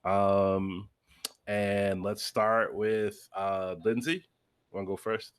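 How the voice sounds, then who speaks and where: A man hosting a casual podcast over a video call. His voice is on the low side, and he keeps things laid-back and joking as he guides the conversation. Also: little pitch movement, takes it slowly, a little hiss or hum. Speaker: podcast host.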